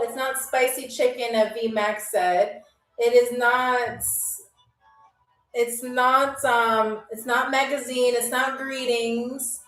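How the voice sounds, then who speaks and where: A woman with a high voice hosts a live-stream trivia game show, chatting with her viewers in a playful, teasing way. She's recorded from a distance, giving a roomy sound away from the mic.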